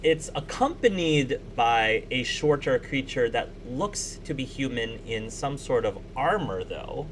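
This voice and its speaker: Male game master for a tabletop game, mid-pitched and halting, with faint noise underneath. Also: very animated, low-quality recording. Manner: halting, with many restarts and fillers.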